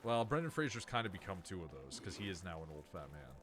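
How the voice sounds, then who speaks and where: Low-voiced sweary man gaming chat. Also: very animated, fast, fairly bright tone. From Ontario, Canada. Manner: rambling, sweary, self-interrupting. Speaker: streamer host.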